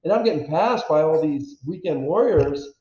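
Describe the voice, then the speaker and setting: A man in his fifties from the United States, a former pro football player telling stories as an interview guest, animated and self-deprecating, acting out quotes. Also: a little high, moderate pace. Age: 50s. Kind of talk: candid storytelling interview. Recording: echoey, dull lo-fi audio.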